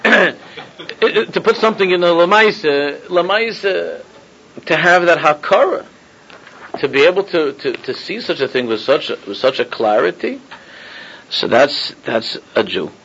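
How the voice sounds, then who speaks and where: A man's voice: on the high side, animated, normal speed, a bit bright, slight background noise. A man teaching an informal Torah class as a rabbi, mixing in Hebrew and Yiddish terms, often repeating himself and chuckling. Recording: dull lo-fi recording.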